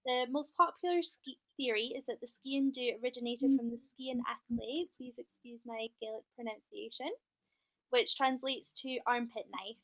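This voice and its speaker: A woman's voice: on the high side, normal speed, poor audio. A woman co-presenting a live shop chat, reading a prepared explanation steadily and greeting viewers by name. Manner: steady, informative, friendly to viewers.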